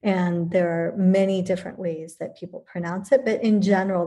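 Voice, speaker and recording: A woman who teaches yoga, talking thoughtfully in a relaxed conversation, pausing and restarting as she works through her points. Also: lowish voice. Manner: thoughtful, many restarts and fillers. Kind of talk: reflective conversational talk.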